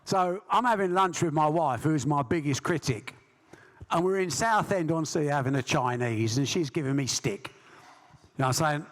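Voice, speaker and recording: A man's voice: on the high side, lively intonation, moderate pace, in a large hall. A man with an English accent, a sports promoter telling brash stories in a live stage interview and acting out the voices. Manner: brash anecdotal storyteller, acts out voices. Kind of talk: storytelling interview.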